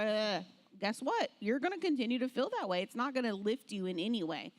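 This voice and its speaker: A woman's voice: on the high side, big pitch swings, moderate pace. A woman on a church panel speaking in an emphatic, encouraging way.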